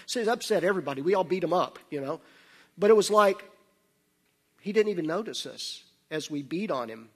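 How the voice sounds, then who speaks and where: Male preacher, higher voice, storytelling sermon in a big echoing hall. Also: animated, a little fast. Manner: anecdotal, laughing, drops to hushed tones for serious moments. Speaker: missionary speaker. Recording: long hall reverb.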